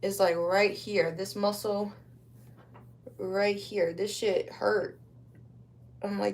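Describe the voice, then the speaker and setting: A woman's voice: medium pitch, steady tone, slow pace, pauses often, darkish tone. A young woman from Wisconsin chatting casually on a livestream while she crafts, rambling in slang.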